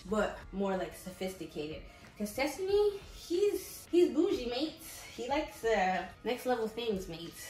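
An excitable young woman talks through her baby gifts in a chatty, upbeat vlog, often calling her viewers "mates". Her voice sits a little high. The sound carries a noticeable room echo. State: pregnant, briefly out of breath. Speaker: vlogger. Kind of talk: casual haul vlog. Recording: echoey room.

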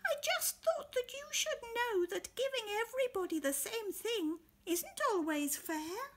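A woman voicing a tiny, wise and polite beetle in a picture-book read-aloud, with a very high, small voice and a gentle, patient way of explaining. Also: expressive, measured pace. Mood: kindly explaining.

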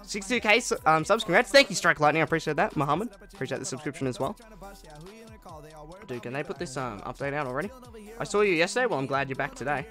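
A man's voice: a little high, lively intonation, fast, pushed and bright. A young man streaming a game live, chatting casually with viewers and answering their comments in an upbeat way. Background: faint music.

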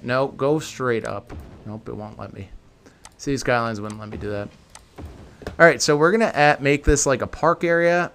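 A man's voice: medium pitch, creaky, a bit bright. A man giving casual gameplay commentary for a building tutorial, chatting to viewers and thinking aloud as he corrects himself. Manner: chatty, talks to viewers as "guys". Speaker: video game tutorial creator.

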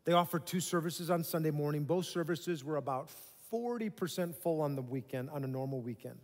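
A man preaching a sermon as a pastor, emphatic and conversational, with dramatic pauses. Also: a little high. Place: church sanctuary. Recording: long hall reverb.

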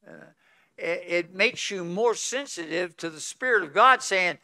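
A man preaching a revival sermon at a conference, swinging from loud pleading to hushed tones, with folksy chuckles between phrases. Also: sits high, very animated, moderate pace, dry recording, clean studio sound. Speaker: pastor. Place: conference hall.

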